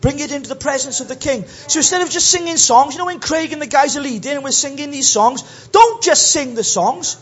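A man's voice: extremely high pitch, fairly quick, hardly any pauses, highs cut off. A man preaching a sermon as pastor, acting out voices and singing snatches of hymns. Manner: animated, acts out voices and sings snatches of hymns.

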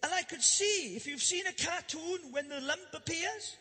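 Pastor guy telling funny stories from the pulpit, really high sharp voice, big echoey church hall. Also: normal speed. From Wales. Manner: animated, jokey, builds to loud emphatic bursts. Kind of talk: humorous storytelling sermon. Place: church before a congregation. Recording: live church hall reverb.

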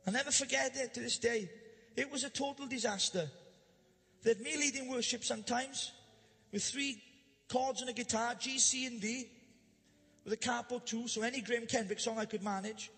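A man preaching a humorous storytelling sermon to a church congregation, animated and jokey, building to loud emphatic bursts. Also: very high voice, moderate pace. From Wales. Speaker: pastor. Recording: live church hall reverb.

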